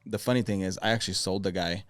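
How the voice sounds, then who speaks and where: A man's voice: deep voice, fairly even intonation, quick pace, fairly bright tone, no echo. A man on a casual podcast, telling an easygoing story from his sales days and laughing along as he goes. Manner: laid-back storyteller, laughs easily. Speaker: sales executive, podcast guest.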